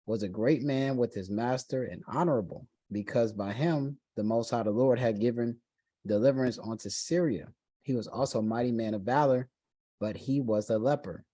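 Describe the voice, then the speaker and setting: Casual Bible study teacher, dry sound. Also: male voice, mid-range voice, dark tone, husky, no echo. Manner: reads scripture aloud, then retells it in casual slang.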